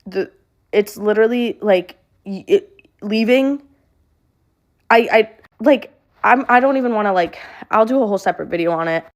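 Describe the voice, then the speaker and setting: A young woman telling a personal story to camera in a flat monotone, halting and full of fillers. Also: mid-range voice. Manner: halting, with many fillers and restarts. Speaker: social media creator.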